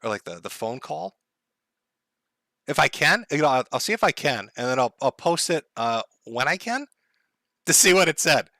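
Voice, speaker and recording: A man's voice: a little high, big pitch swings, normal speed, pauses often, sharp tone, no echo, studio quality. A man talking casually on a live stream, sardonic and mock-dramatic, laughing often. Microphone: headphones and desk mic.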